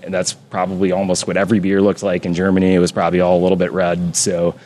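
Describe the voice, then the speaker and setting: A man's voice: low-pitched, completely flat delivery, quick pace, darkish tone. A man talking as a brewer, rambling and correcting himself as he explains his beers at length. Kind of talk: casual podcast chat.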